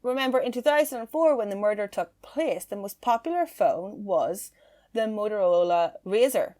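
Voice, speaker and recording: A woman hosting a casual true-crime podcast, chatty and quick to laugh. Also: medium pitch, lively intonation, dark tone. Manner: chatty, laughs easily, filler-heavy. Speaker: podcast host.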